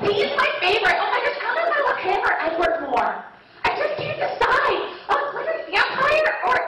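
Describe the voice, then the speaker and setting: Shrieking, gushing young fan girl, very high and swooping , a comic puts her on, echoey club audio. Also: big pitch swings, fairly quick, far from the mic, heavy background noise. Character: gushing young woman fan, loud and excitable.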